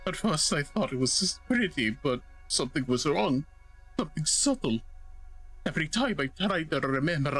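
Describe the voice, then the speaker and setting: A man's voice: fairly high pitch, a bit bright, pitched above the performer's own voice. A man voicing a frightened, paranoid man hiding in a closet, with a shaky, stammering, apologetic delivery while reading game dialogue aloud. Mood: haunted.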